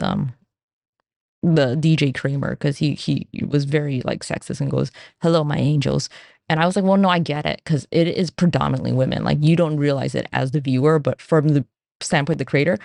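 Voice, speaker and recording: A woman's voice: deep voice, gravelly, no room sound, studio quality. A young woman hosting her own podcast, rambling and swearing freely in a casual solo rant. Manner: swears a lot, rambling, animated. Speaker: podcast host.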